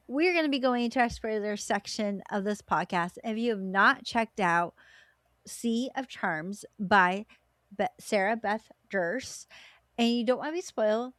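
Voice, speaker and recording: A woman co-hosting a book podcast in casual chat, talking in an animated way with quick asides. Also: fairly high pitch, no room sound. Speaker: podcast co-host.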